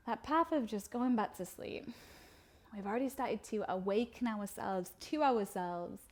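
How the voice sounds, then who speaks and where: Calm woman guiding a yoga flow. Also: on the high side. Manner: calm instructional cueing, slow breath-paced phrasing. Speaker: yoga instructor. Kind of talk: guided yoga class cues.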